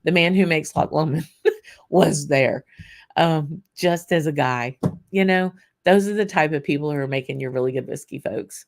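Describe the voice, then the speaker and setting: A tired, slightly hoarse woman from Louisiana, chatting casually as host of her own vlog, with lots of fillers and restarts. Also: deep voice, moderate pace. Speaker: whisky channel host.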